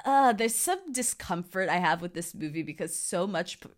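Woman, podcast co-host, casual movie chat, rambling, lively pitch. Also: normal speed. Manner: rambling, animated, lots of fillers and laughs.

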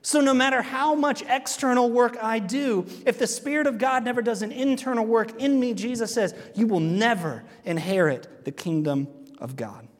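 A man's voice: very high voice, normal speed, long reverb tail. A man preaching a sermon in a church sanctuary, earnest and asking the congregation rhetorical questions. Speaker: pastor.

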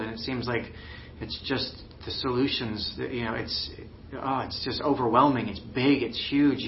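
A man's voice: mid-range voice, a little hiss or hum. Earnest male pastor preaching, slightly muffled. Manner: earnest, with many restarts and "you know" fillers. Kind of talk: sermon.

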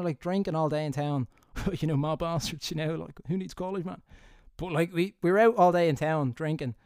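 Chatty young Irish man, slightly high voice. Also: darkish tone, smooth, no echo, studio quality. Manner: rambling, laughing, swearing, slangy. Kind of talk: casual anecdotal storytelling. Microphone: close studio mic.

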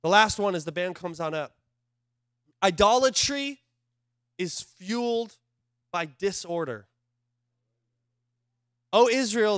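A male pastor preaching a sermon in an animated, conversational way, swinging from loud outbursts to hushed asides. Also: sits high, slow, long pauses, smooth, no room sound, clean studio sound.

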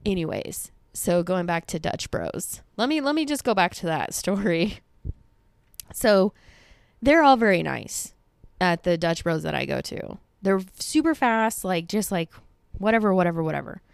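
A young woman hosting a podcast, telling stories in a chatty, animated way with sarcastic asides. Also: fairly low pitch, normal speed, gravelly, smooth, no echo, studio quality. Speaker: podcast host. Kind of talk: casual storytelling monologue.

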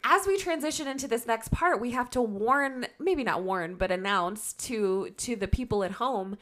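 A young woman co-hosting a podcast in casual, animated chat, with lots of "like". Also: fairly high pitch, moderate pace. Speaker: podcast co-host.

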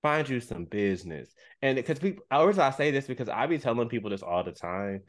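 Guy just chatting on a podcast, gets animated and does little voices, average pitch. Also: brisk. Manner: animated, acts out quotes in a high voice. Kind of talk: casual chat.

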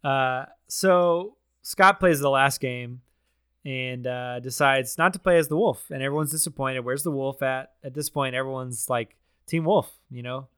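A man hosts a casual chat and recaps a film's plot in a plain, mid-pitched voice. He sounds dry and close to the mic. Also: normal speed, bright, forceful tone, clear, resonant tone, no echo. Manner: recaps the plot and hands off to others. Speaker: podcast host.

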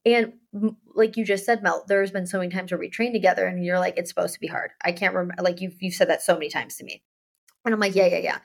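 A woman's voice: lowish voice, steady tone, fast talker, creaky. Chatty woman rambling with many fillers. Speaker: podcast co-host. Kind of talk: casual chat.

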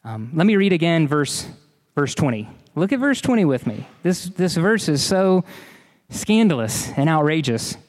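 With big pitch swings and a moderate pace, a pastor preaches earnestly and emphatically, relying on repetition to make his points land. His voice is a touch high for a man, and the hall adds long reverb.

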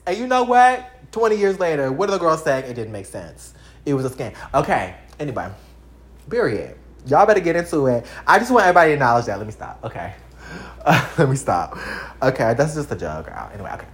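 Chatting to the camera, a vlogger around thirty from Texas keeps a brisk pace. He's animated and profane, with dramatic shifts in pitch and volume.

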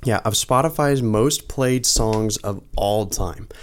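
A young man with a somewhat low voice co-hosts a podcast. He chats casually and rambles, filling his talk with ums and false starts. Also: takes it slowly. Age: young adult. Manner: rambling, many ums and restarts. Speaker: podcast co-host. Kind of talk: casual chat.

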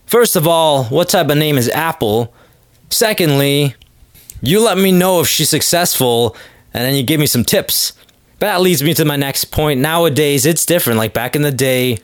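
A man's voice: on the high side, no room sound. Rambling sarcastic man, dry sound. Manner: rambling, sarcastic, loose delivery with many fillers. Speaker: comedic podcast host. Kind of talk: comedic monologue.

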